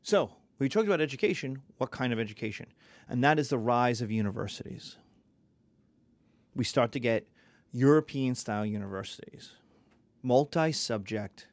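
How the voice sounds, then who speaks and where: A man lecturing on history in a lively, conversational way, sometimes acting out little voices. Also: mid-range voice, normal speed, dry recording.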